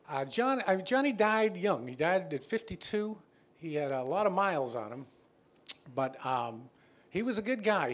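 A man telling a true story on a stage before a live audience, halting and stammering as he acts out the quotes. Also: mid-range voice.

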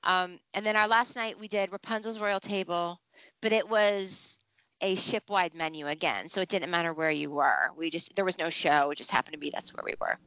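A woman chatting casually as a podcast co-host, telling stories with lively acted-out reactions. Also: on the low side, moderate pace, smooth. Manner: animated storytelling, acts out her own reactions. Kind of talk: casual chat. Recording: dull, slightly lo-fi dry sound.

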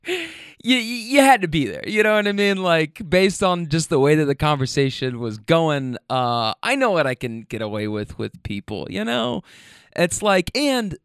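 A man's voice: fairly high pitch, fairly bright tone, clean tone, dry recording, studio quality. A man hosting a show, chatting loosely about clips he plays and laughing often between his rambling asides. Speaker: host reacting to clips. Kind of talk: casual commentary.

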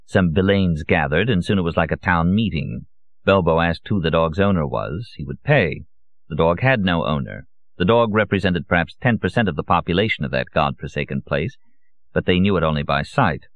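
Deep-voiced man narrating a novel. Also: expressive, moderate pace, dry recording. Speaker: audiobook narrator. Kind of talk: scripted narration. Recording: dull, lo-fi audio.

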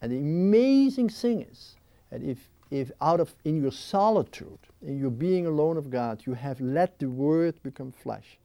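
A man speaking as an interview guest, talking reflectively and expressively at his home, full of restarts and quick bursts. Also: fairly high pitch, vocal fry, no echo. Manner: animated and expressive, with many restarts. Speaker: interview guest, spiritual writer. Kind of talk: reflective interview talk on prayer. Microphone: filmed interview mic.

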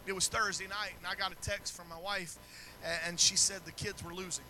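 A middle-aged male pastor preaching a sermon in a church, moving from quiet storytelling to shouted preaching. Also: high-pitched, steady tone, fairly quick, a little hiss or hum, rough recording.

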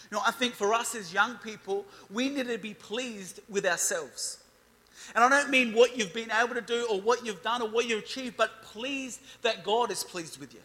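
A man's voice: high voice, sharp tone. A man in his thirties preaching a youth sermon, declaring and building emphasis as he reads scripture. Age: 30s. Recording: reverberant hall.

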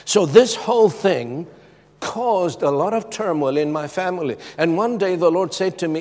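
A middle-aged man from Zimbabwe delivers an impassioned sermon, his fairly high voice swinging between forceful, emphatic peaks and quiet, intimate passages. His words ring out with a long reverb, as in a large hall. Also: moderate pace. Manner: impassioned, swinging from loud emphatic lines to hushed, soft ones. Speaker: preacher.

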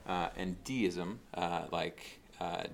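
A man's voice: sits low, slow, vocal fry, a little hiss or hum. A man preaching a casual, conversational sermon, with frequent fillers and restarts as he talks through a passage. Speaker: pastor.

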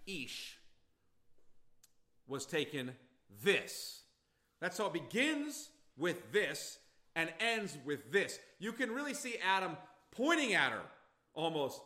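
A pastor preaching an expository sermon, emphatic and repeating phrases for stress. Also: male voice, sits high, very animated, measured pace, pauses often, pushed and bright. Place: church sanctuary.

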